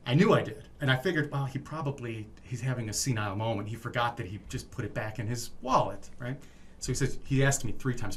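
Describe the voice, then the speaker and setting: A man's voice: mid-range voice, fast talker. A middle-aged man telling a story in casual podcast chat, acting out the people in it. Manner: animated storyteller acting out customers and his boss. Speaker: podcast co-host.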